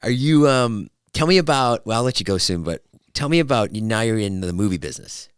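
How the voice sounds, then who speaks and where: A man's voice: fairly low pitch, animated, brisk, clean tone, no echo, clean studio sound. A man hosting a podcast, mostly giving short reactions and prompting his guest with questions. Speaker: podcast host. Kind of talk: casual interview.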